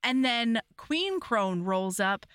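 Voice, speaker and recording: Young woman podcast host, super bright and bouncy, dry close sound. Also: on the high side, slow, clear, resonant tone, no room sound. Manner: animated, acts out scenes, laughs often. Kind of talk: casual movie recap chat.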